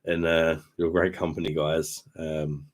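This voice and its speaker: Low voice, man, tipsy, rambling, matey, casual swearing, home room. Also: flat delivery, a little slow. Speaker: beer reviewer hosting a live stream. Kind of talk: casual live-stream chat. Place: home room with sound panels.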